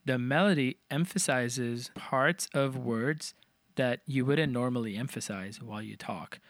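A man's voice: mid-range voice, a bit bright, dry recording. A man co-hosting a casual talk, explaining lyrics and rhythm in a methodical way. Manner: explanatory, methodical, counts out beats. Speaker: co-host analyzing song lyrics. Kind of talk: casual analytical chat.

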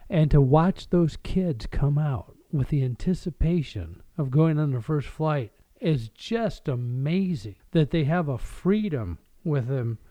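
A man's voice: on the high side, mellow, no echo. A man in a casual conversation, telling an earnest, enthusiastic anecdote. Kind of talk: casual chat. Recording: dull dry lo-fi audio.

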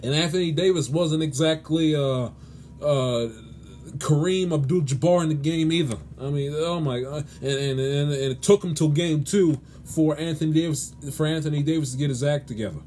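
A sports podcast host rants solo on his own show, pleading and exasperated, with lots of restarts and stammers. His fairly high voice moves at a normal speed, sounding a little mellow over slight background noise.

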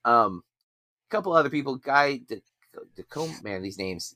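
A man's voice: mid-range voice, lively intonation, normal speed, sharp tone, dry recording, studio quality. A man hosting a podcast in casual chat, rambling and self-deprecating. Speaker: podcast host.

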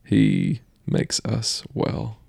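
A man co-hosting a podcast, upbeat and chummy, asking questions in a relaxed, casual way. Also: fairly low pitch, drawn-out words, creaky, slightly rough, no echo, studio quality. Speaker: podcast co-host. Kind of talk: casual faith discussion.

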